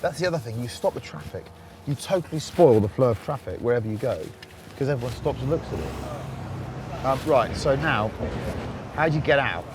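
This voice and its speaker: A man's voice: mid-range voice, lively intonation, normal speed, long pauses. A man giving a chatty, self-mocking running commentary while driving, as a car reviewer host. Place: inside a car and on a town street. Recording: loud car and traffic noise behind.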